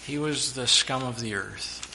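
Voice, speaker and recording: A man preaching a sermon to his church, now and then shouting out the lines of the story he tells. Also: mid-range voice, measured pace, gravelly, a little hiss or hum. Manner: preaching with sudden loud acted-out shouts.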